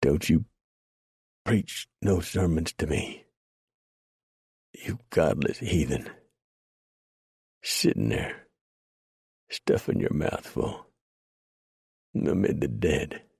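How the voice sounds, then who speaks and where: A man's voice: rumbling low, lively intonation, extremely slow, gravelly, pauses often, darkish tone, husky, no room sound, studio quality, heavily acted. A man voicing a wounded, dying male outlaw, bitter and gasping out his words. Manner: gasping, faint.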